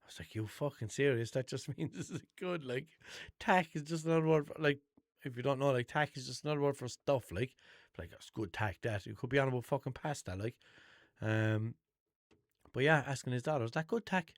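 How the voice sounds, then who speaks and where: A man's voice: medium pitch, brisk, no echo, clean studio sound. A young man with a Limerick Irish accent, hosting a podcast and telling rambling, sweary stories in an unscripted monologue. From Ireland. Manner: chatty, swears a lot, rambling storytelling with restarts. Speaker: podcast host.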